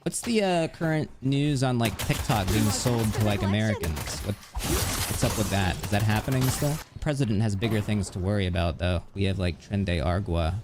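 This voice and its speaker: A man live streams in casual chat, rambling and linking thoughts together with constant fillers, especially "like," while music plays underneath. His voice is on the low side at a moderate pace.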